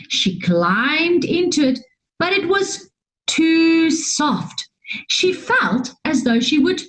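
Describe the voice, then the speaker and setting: A woman reading a children's story aloud, expressive and drawn out, with gasps and sighs. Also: high-pitched, poor audio. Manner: slow and animated, with gasps and sighs.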